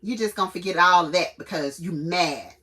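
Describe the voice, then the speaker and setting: Fairly low-pitched and fairly quick, the channel host animatedly tells stories and rants on her stream, laughing often and acting out quotes. The mic is distant and the recording rough.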